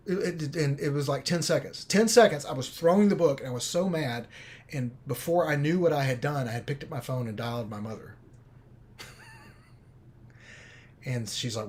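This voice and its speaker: A man at a mid pitch chats casually on a livestream, retelling a story. His talk rambles with lots of "um" and "like", and he gets animated as the story goes. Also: a little fast. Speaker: film director.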